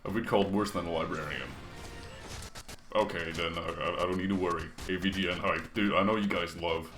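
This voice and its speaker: Deep-voiced man streaming games in a roomy space. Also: steady tone, brisk, fairly bright tone. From half British, half Canadian. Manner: crude, joking banter with chat. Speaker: game streamer. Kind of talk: casual gaming livestream, reading chat aloud. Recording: echoey room with faint music behind.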